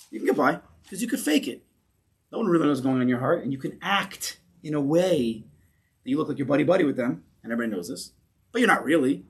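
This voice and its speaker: Guy giving a torah class, fairly high voice, keeps asking the room questions. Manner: animated, asks the class questions. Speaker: Torah teacher. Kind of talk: lecture to a class.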